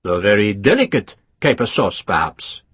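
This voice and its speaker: A man's voice: lowish voice, big pitch swings, moderate pace, breathy edge, no echo, full character voice. Man reading a genial French marshal. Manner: genial, gentle. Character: genial pleased older male French marshal.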